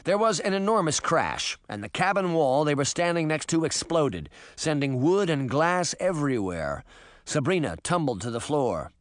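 Expressive male audiobook narrator. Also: fairly high pitch, moderate pace, dry recording, clean studio sound. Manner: expressive storytelling. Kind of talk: scripted narration.

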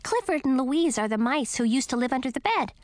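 A woman voicing a bossy, talkative female bat, high and teasing. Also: animated, a little fast, no echo. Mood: chatty.

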